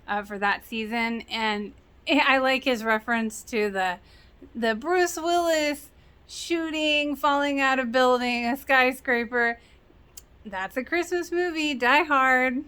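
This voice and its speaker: Chatty recap host: woman, slightly high voice, laughs easily, loose casual delivery. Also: slow pace, bright, forceful tone, clean tone. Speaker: reaction channel host. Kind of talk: casual episode recap and reaction.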